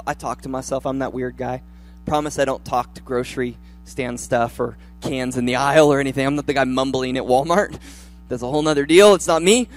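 A young man preaching a sermon in a church, chatty and joking, then rising to loud fervor. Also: medium pitch. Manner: humorous, conversational preaching that builds to loud fervor. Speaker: pastor.

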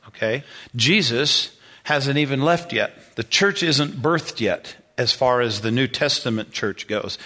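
A man's voice: mid-range voice, bright, forceful tone. A man who is a senior pastor preaching a sermon in a conversational way, often repeating himself and checking in with the congregation.

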